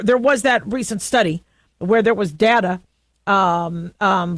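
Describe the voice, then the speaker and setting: A woman's voice: mid-range voice, dry recording. Chatty woman radio host, dry studio mic. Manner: chatty, animated storytelling with frequent fillers. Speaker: radio talk show host. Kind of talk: casual call-in radio talk.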